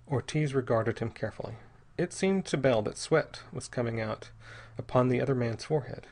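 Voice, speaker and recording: Husky-voiced man reading a story. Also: medium pitch, a little fast, a little mellow. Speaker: audiobook narrator. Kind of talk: scripted narration.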